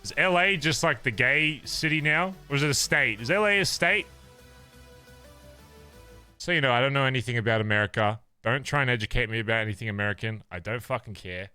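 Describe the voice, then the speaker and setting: Chatting with his stream viewers, a young Australian man with an Australian accent gets animated, swears and rants playfully. His medium-pitched voice is brisk and clean in tone, with faint music behind it.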